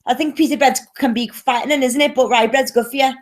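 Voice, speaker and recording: A woman's voice: high voice, fairly even intonation, quick pace. A woman with an English accent chatting casually on a live stream and cooing to her pet. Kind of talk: casual chat.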